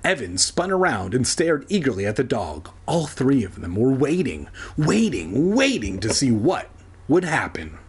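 A man's voice: mid-range voice, huge pitch swings, unhurried. A man casually reading a children's book aloud, breaking off for irreverent, swearing asides. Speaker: reader. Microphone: home recording, edited later.

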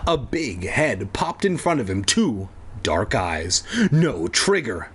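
A man's voice: on the low side, slow pace, husky. A young man reading a children's horror story aloud as host, breaking off for joking asides. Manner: lively, joking, swears in asides.

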